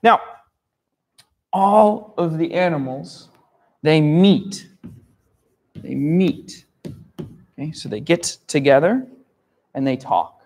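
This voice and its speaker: A man telling a children's story at a slow, patient pace. He repeats key words, spells some out letter by letter and keeps checking that his listeners follow. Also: fairly high pitch, a little mellow. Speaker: storyteller for young learners. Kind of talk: simple storytelling lesson.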